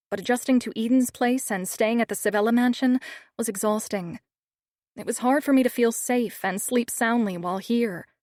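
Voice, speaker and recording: A woman narrating a first-person audiobook with steady, measured storytelling. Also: on the high side, dry recording, clean studio sound.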